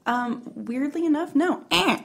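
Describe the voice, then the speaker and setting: Woman, slightly high voice, podcast co-host, playful, teasing, giggly. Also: unhurried, vocal fry. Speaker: podcast co-host running a game. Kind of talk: casual comedic chat.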